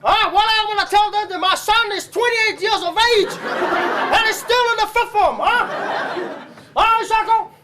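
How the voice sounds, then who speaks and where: A man's voice: very high voice, normal speed, over a noisy crowd, heavy background noise. A man playing a stern father and village chief, scolding his son and barking "huh?" over and over. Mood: hectoring. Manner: scolding, bullying, repeats "huh?" constantly. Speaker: comic stage actor. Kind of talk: live comedy skit.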